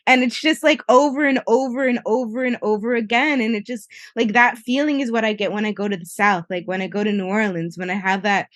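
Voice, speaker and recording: A woman's voice: fairly high pitch, fairly even intonation, fairly quick, hardly any pauses, a bit bright, no echo, studio quality. A young woman co-hosting a podcast in casual chat, earnest and heartfelt, often restarting her sentences. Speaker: podcast co-host.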